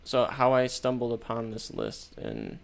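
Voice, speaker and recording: A laid-back young man trades jokes as a podcast guest. His voice is gravelly with fry, and his pitch moves around a lot as he talks. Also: huge pitch swings, measured pace. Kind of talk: casual chat.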